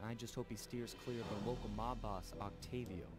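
An actor playing a suave male raccoon master thief, giving a smooth, measured game narration over music. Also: lowish voice, steady tone, lightly acted. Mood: calm. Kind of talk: scripted narration.

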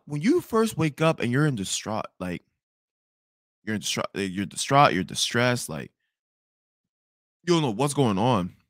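A young man hosting a podcast, telling a storytime tale in a loud, profane way that swings between outbursts and mutters. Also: medium pitch, dry recording, studio quality. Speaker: podcast host. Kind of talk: storytime monologue.

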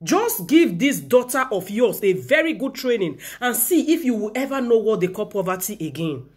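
A woman with a Nigerian accent presenting celebrity news, mixing lively commentary and preachy asides with slow read-outs of posts. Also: fairly high pitch, husky. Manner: animated, preachy asides, exclamations; reads posts slowly. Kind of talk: gossip news commentary in Pidgin.

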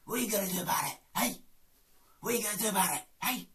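Man playing a threatening soap tough guy, loud barking "hey"s, pitched up. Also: racing, vocal fry, distant mic. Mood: menacing. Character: gruff menacing middle-aged male hard man from a soap opera.

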